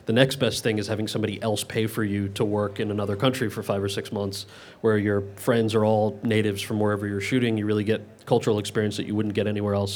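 A man's voice: on the low side, darkish tone. A man in his thirties answering audience questions at a Q&A, rambling and correcting himself as he goes. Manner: rambling, self-correcting, many restarts. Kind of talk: Q&A event.

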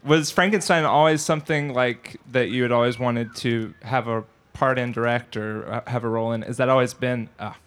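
A man at the audience microphone asks his questions with a nervous, joking edge. He stumbles, hedges and rewords. His pitch sits mid-range. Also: steady tone, moderate pace, few pauses, a bit bright. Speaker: audience member asking questions.

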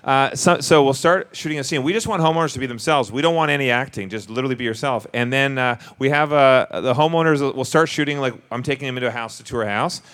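A man co-hosting a live panel, telling stories in a joking, animated way. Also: medium pitch, fast talker, hardly any pauses. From Canada. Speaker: co-host on stage. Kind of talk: casual panel chat.

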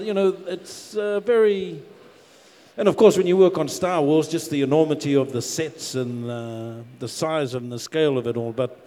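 New Zealand actor in a reverberant hall. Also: male voice, high-pitched. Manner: relaxed storyteller, self-deprecating, lots of uh and um. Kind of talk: panel Q&A answers.

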